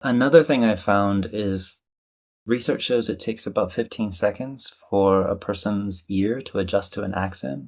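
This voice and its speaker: A low-pitched man, talking through ideas in an animated, conversational manner. He explains things plainly and sometimes acts out what other people say. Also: moderate pace, creaky. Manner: animated, playfully acts out quoted voices. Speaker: guest, communication coach. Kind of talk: conversational interview.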